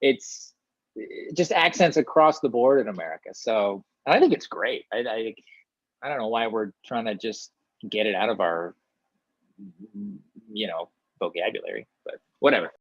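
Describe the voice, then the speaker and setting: A man's voice: on the low side, dry recording. Chatty man from small-town Ontario. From small-town Ontario, Canada. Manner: chatty, animated, many restarts, quick asides. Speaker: actor guest. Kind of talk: casual interview answers. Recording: dull, dry lo-fi sound.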